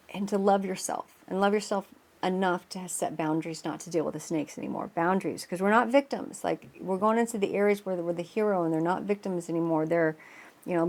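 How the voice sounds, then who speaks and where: A woman's voice: lowish voice, a little mellow. Earnest, rambling woman tarot reader. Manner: rambling, many restarts and fillers, earnest. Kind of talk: casual spoken astrology reading.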